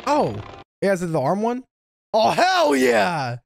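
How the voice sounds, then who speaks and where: A woman hosting an anime reaction channel, commenting live with excitable shouts, laughter, slang and lots of swearing. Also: medium pitch, a little slow, gravelly, faint music behind.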